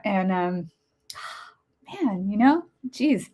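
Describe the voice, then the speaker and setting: Forties woman host, slightly high voice, chatty, emotional storyteller. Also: lively intonation, slow, long pauses. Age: 40s. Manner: chatty, laughing, emotional and teary. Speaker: podcast host. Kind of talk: personal storytelling monologue.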